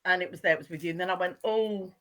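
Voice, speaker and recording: A woman from the UK, a guest author, telling her story in a lively, laughing way. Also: lowish voice, very fast. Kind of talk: interview chat.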